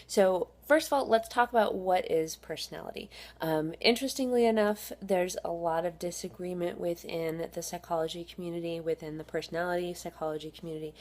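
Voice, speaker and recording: A woman's voice: lowish voice, darkish tone. A woman psychology instructor giving a casual recorded lecture, conversational, with frequent fillers and restarts.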